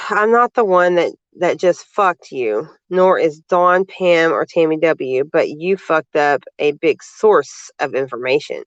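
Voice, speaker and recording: A man with a fairly high voice reads other people's posts aloud and cuts in with sarcastic, indignant remarks. The audio is dull and lo-fi, with a dry, close sound. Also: expressive, takes it slowly, no room sound. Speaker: vlogger. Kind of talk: reading out social media posts with commentary.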